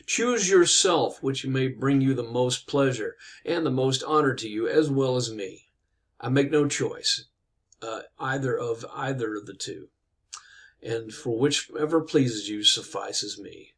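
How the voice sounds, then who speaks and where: A man's voice: medium pitch, lively intonation, a little slow. Young knight, voiced by a storyteller man, formal and earnest, honorable but hard-pressed. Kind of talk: casual storytelling.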